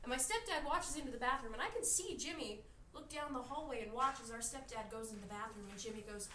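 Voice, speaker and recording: High-voiced young woman telling a story from far off. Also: quick pace. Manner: animated, laughing through the story. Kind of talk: comic storytelling. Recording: distant, echoey, with crowd noise.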